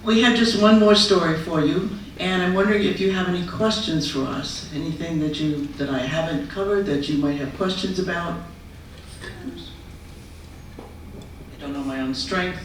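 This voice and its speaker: A woman's voice: on the low side, normal speed, a little hiss or hum. Woman making announcements to a crowd, mic far away, loads of echo. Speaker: storyteller and performer. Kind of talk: addressing an audience. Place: retirement residence common room. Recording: echoey room, mic far off.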